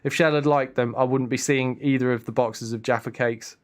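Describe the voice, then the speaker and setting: A man's voice: medium pitch, fairly even intonation, a little fast. A young man chatting casually on a live stream, rambling and answering his chat. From England.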